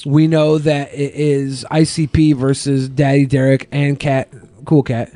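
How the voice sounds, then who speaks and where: A man's voice: mid-range voice, flat delivery, measured pace, dark tone. A man co-hosting a podcast in casual chat, opinionated and full of "like" fillers. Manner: opinionated, filler-heavy, lots of "like". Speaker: podcast co-host.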